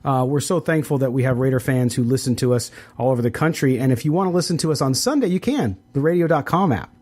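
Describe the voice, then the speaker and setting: A man's voice: medium pitch, animated, a little mellow, faint music behind. A middle-aged man hosting a sports podcast, reading sponsor spots and chatting casually with frequent fillers. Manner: conversational, quick sponsor reads with fillers. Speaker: podcast host.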